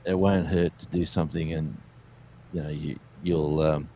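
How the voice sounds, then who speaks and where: A man with a low voice and a dark, relaxed tone, chatting as a guest. He tells his stories in a loose, rambling way, full of fillers and restarts. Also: normal speed, a little hiss or hum. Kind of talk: casual storytelling chat.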